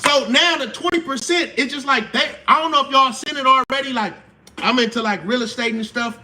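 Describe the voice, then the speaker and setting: A man, hosting a casual live stream explainer, slangy and animated, acting out quotes. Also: very high voice, brisk, slight background noise.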